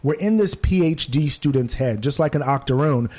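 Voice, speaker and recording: A man in casual conversation, critiquing a theater production with animated asides. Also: fairly high pitch, normal speed. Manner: animated, mimics voices when quoting. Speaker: theater reviewer.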